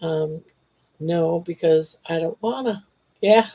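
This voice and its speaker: An older woman hosting a casual livestream chat, reading viewer comments in a gentle, reassuring way while hoarse from losing her voice. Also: on the low side, slow pace. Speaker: livestream host. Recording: dull lo-fi livestream audio.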